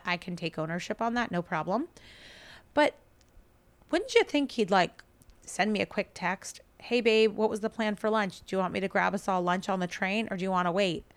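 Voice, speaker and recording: A woman podcast host casually telling a family story, chatty and animated, acting out quoted dialogue. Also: mid-range voice.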